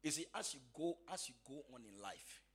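A man preaching a sermon who repeats his phrases and swings from quiet asides to shouted, sing-song proclamation. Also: fairly high pitch, lively intonation, a little fast, breathy edge.

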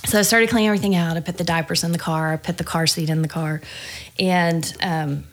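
A woman who works as a pastoral care pastor tells a personal story in a podcast conversation, animated and acting out the dialogue. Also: on the low side, a little fast. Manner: lively storyteller, acts out dialogue.

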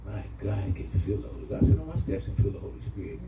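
A middle-aged man pastor, preaching an animated sermon with call-and-response to his congregation. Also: lowish voice, very fast, distant mic, heavy background noise. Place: church hall. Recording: echoey church room, mic from afar, congregation.

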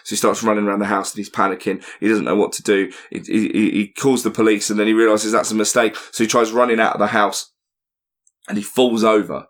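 A man's voice: fairly low pitch, level tone, quick pace. A man co-hosting a podcast, joking, laughing and swearing freely in casual chat. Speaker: podcast co-host, comedian.

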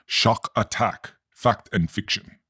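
A man delivers a mock-formal comedic open letter in stiff, careful phrasing. His low voice has a husky edge. The recording is dry and close. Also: slow pace, bright, forceful tone, no room sound.

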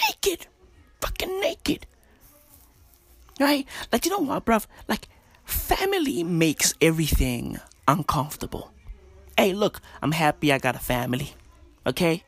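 Slow, hushed man ranting. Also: on the high side, dry recording. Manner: slangy, profane, repetitive rambling. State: speaking in a hushed half-whisper. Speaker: podcaster. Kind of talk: casual rant. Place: own bedroom at home.

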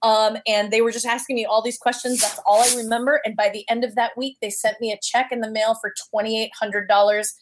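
A woman's voice: a little high, a little fast, hardly any pauses, noisy background. A woman guest telling a personal story casually, acting out the voices she quotes. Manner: animated, acts out quoted voices.

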